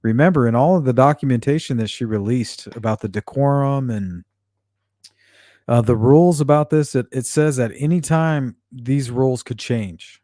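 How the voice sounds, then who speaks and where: A man hosts a true-crime livestream, chatting casually and reading viewer comments, blunt, often profane, and full of fillers. His medium-pitched voice is mellow at a moderate pace, in studio-quality sound with no echo.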